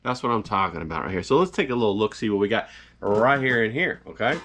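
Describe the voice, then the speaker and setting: A man's voice: lowish voice, animated, quick pace, a bit bright, a little hiss or hum. A man hosting a casual cooking vlog from his home kitchen, talking in a rowdy, folksy, profane ramble with asides to the viewer and his cameraman. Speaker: home cook host.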